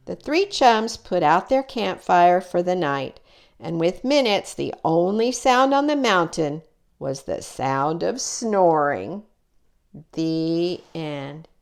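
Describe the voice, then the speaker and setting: A woman reading a children's storybook aloud, expressive and unhurried. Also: on the low side, gravelly. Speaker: storybook reader.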